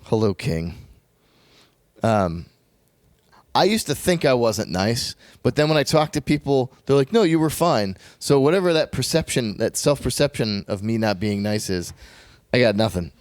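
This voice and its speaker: A podcast co-host chats casually, rambling, poking fun at himself and laughing often. His voice is medium in pitch, animated and darkish, at a normal speed, recorded at studio quality with no room sound.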